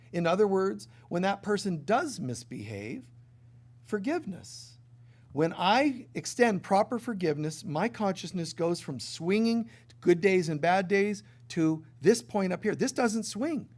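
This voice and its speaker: Man giving a lively storytelling sermon. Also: high-pitched. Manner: storytelling with playful asides, voice swings from soft to loud. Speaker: spiritual teacher.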